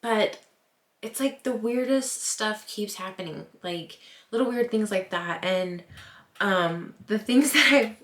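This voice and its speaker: A woman's voice: medium pitch, expressive, slow pace, fairly bright tone, slight background noise. Young woman rambling a storytime vlog, lots of likes and giggles, echoey room. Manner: chatty, many likes, laughs at herself. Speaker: vlogger. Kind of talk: casual storytime. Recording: roomy echo.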